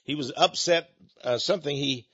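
A man's voice: a little high, normal speed, a bit bright, husky, no room sound. A man, talking to his listeners in a folksy, meandering monologue. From Texas. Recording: dull, lo-fi dry recording.

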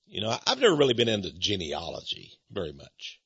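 Folksy, lively talk-radio man. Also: deep voice, fast talker, slightly rough, no room sound, lo-fi sound. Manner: folksy and confiding, chuckles between points. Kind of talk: rambling talk-radio monologue.

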